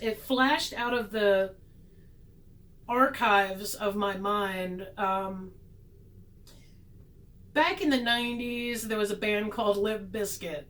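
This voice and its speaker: Slow-talking sarcastic woman tarot vlogger. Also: a little high, a bit bright, poor audio. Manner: sarcastic, self-mocking, laughs often. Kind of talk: casual chat, tarot reading.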